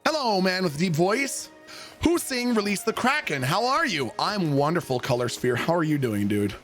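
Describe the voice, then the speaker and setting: A male streamer with a high voice chats with his viewers in a loose, joking way and swears freely. He speaks into a desk microphone, with faint game music underneath. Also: moderate pace. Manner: animated, profane, joking. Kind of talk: casual storytelling and chat with viewers.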